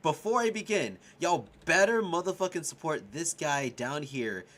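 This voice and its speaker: A young man chatting on a casual livestream. He is excitable and swears a lot, laughs often and shouts at his chat. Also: fairly high pitch, normal speed. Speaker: streamer and music composer.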